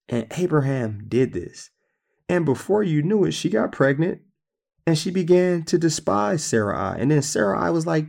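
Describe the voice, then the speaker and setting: A man preaching a sermon, retelling scripture stories in a conversational, animated way. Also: a little high, normal speed, creaky.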